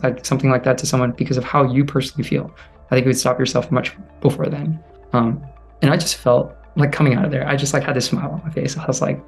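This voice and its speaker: A young man earnestly telling a personal story, quick and full of "like". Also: mid-range voice. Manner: fast, earnest, heavy on "like".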